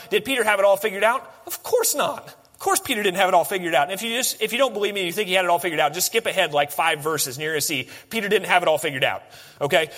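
A young man preaches in a high, bright voice, breaking into casual asides and pressing the room with rhetorical questions. His words ring out with the long reverb of a church hall. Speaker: pastor. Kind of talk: sermon.

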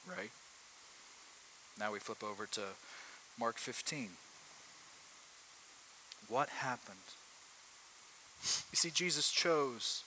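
A man's voice: medium pitch, bright, forceful tone, slight background noise, rough recording. A man preaching a sermon to a room in a conversational way, often asking his listeners rhetorical questions.

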